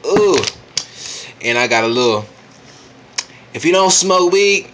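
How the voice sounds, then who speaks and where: A man who is high and tipsy, reviewing a manga chapter in a casual, profane vlog full of slang and laughing asides. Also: lively intonation, slow pace, background noise.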